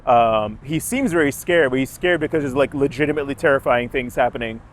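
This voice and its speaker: A young man from Jamaica talks in a loose, casual way, often stopping to correct himself as he tells a story. He is outdoors on a city street with traffic passing behind him. His voice sits at an ordinary pitch for a man. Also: brisk. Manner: rambling, self-correcting storyteller. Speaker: dog owner. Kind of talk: casual chat.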